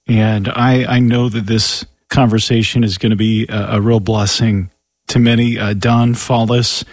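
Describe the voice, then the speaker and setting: A man's voice: fairly low pitch, flat delivery, measured pace, no echo. Polite male radio host, dry sound. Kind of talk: radio interview wrap-up.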